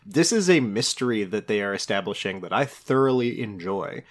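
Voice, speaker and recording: Co-hosting a casual review podcast about a TV show, this man talks with enthusiasm in a fairly low voice with big pitch swings. He rambles at a moderate pace and laughs easily.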